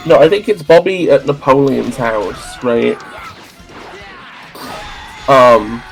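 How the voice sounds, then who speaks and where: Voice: mid-range voice, lively intonation, slow, creaky, soft background music, low-quality recording. A streamer rambling through a story in casual chat while gaming, with many restarts.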